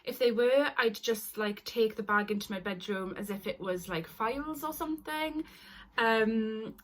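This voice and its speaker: A woman's voice: on the high side, a little slow. Young woman, twenties, confessional vlogger: earnest, apologetic, close to tears at times. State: tearful at times. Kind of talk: personal confessional story.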